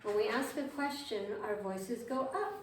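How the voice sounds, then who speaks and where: With a fairly high voice at a moderate pace, a woman leads a group piano lesson, patiently questioning her students and repeating their answers back. The recording sounds roomy and distant, with faint noise.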